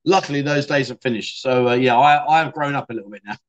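A man's voice: mid-range voice, fast, dull audio. A middle-aged man casually hosting a livestream, reading out viewer comments and joking along. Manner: chatty, jokey, reads out viewer comments. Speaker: livestream host.

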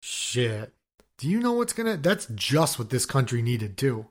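A man's voice: mid-range voice, measured pace. A man co-hosting a podcast in casual chat, riffing and swearing freely. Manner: profane, riffing, animated. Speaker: podcast co-host.

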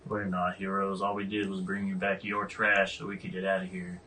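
A man playing a gruff, guarded cowboy. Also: deep voice, monotone, fairly quick, pushed and bright, far from the mic, slight background noise, rough recording. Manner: gruff, curt, distrustful. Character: guarded cowboy ex-prisoner with amnesia.

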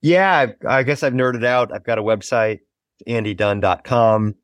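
A man's voice: medium pitch, normal speed, no echo. A man in his forties, a guest on a podcast interview, speaking in an earnest, thoughtful way and musing aloud. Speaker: guest, author.

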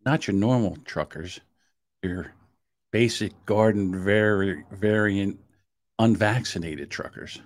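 A podcast co-host with a fairly low voice and slow delivery teases his partner with sarcastic jokes during casual chat, laughing often.

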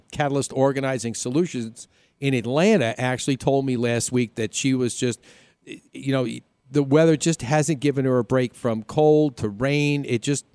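Upbeat New York radio host. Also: male voice, mid-range voice, a little mellow, smooth, no echo. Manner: upbeat, jokey, rambling with restarts. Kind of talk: casual radio chat.

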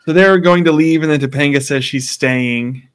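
Here a male co-host with a fairly high, somewhat bright voice talks at a normal pace. He chats casually through a TV episode, retelling its scenes and voicing the characters.

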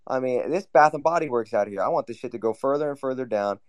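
A man's voice: medium pitch, quick pace, no echo, muffled recording. A man hosting a casual group chat, rambling and swearing freely. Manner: swears a lot, rambling and loose. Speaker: host.

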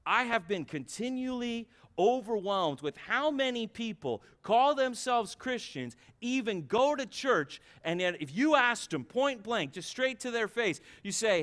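A man's voice: extremely high pitch, expressive, moderate pace, a bit bright. A man preaching a sermon as pastor, emphatic and repetitive. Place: church.

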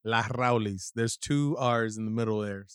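A man's voice: on the low side, moderate pace, fairly bright tone, clear, resonant tone, dry recording, studio quality. A laid-back man as a podcast guest, chatting casually and swearing freely.

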